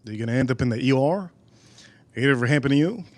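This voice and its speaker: A man's voice: mid-range voice, expressive, quick pace. A man casually hosting a live stream, joking loosely and talking to viewers in the chat.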